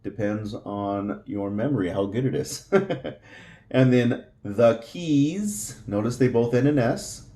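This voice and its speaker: A man's voice: mid-range voice, animated, slow pace, dark tone. A man teaching a Spanish lesson, explaining patiently with frequent fillers and repeating each word. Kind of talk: slow explanatory language lesson.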